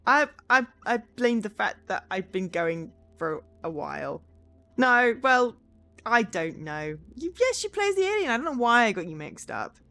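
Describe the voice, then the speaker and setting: A woman's voice: a little high, big pitch swings, measured pace, pushed and bright, soft background music. A woman streamer reading game narration aloud and chatting with her viewers in a chatty, self-deprecating way.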